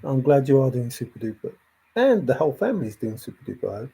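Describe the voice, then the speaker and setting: A man's voice: mid-range voice, big pitch swings, quick pace, gravelly, warm tone, slightly rough. A man hosting a livestream, thinking aloud in a rambling way and answering chat comments as they come in. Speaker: livestream host.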